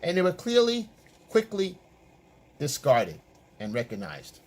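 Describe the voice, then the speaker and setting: A man's voice: a little high, huge pitch swings, measured pace. A man working as a dating and relationship coach, giving opinion commentary in an emphatic, repetitive, lecturing way.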